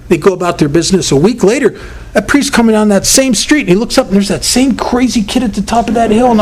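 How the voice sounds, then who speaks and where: A man's voice: sits high, lively intonation, a little fast. A man speaking at a recovery workshop, talking in an earnest, storytelling way that often breaks off and restarts. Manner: storytelling, self-interrupting, earnest.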